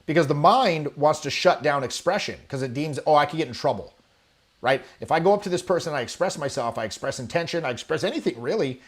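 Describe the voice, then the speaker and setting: A man teaching charisma to camera, lively and demonstrative, acting out examples and swearing casually. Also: on the high side, quick pace, few pauses. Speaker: charisma coach. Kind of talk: animated coaching talk to camera. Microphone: webcam or camera, video talk.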